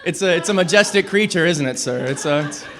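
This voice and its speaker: A man's voice: on the high side, brisk, fairly bright tone. Rambling young male stand-up comic. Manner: rambling, self-deprecating, lots of "like". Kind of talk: stand-up comedy set. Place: small club stage at an open mic.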